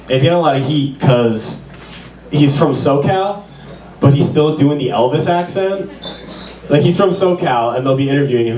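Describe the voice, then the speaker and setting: A man's voice: on the high side, animated, moderate pace, darkish tone, a little hiss or hum. A man doing a stand-up comedy set, with a loose, rambling delivery full of "like". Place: small bar performance room. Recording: roomy, distant, with audience.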